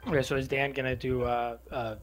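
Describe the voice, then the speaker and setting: A man running a tabletop game as game master, explaining rules at a relaxed pace with many fillers. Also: medium pitch, fairly quick, slight background noise, poor audio. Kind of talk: narrating a tabletop game over voice chat.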